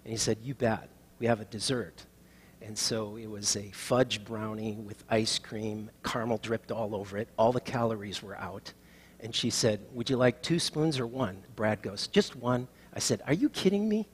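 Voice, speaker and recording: A middle-aged male pastor giving a sermon and telling stories, rising to loud proclaiming and dropping to soft, near-whispered lines. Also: fairly low pitch, fairly even intonation, moderate pace, breathy edge. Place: church sanctuary.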